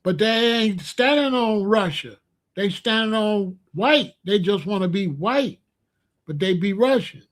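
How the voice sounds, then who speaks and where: Man, high voice, blunt repetitive livestream talk, middle-aged. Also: animated, unhurried. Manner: blunt, repetitive, asks the chat questions. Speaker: livestream host. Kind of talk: casual livestream monologue.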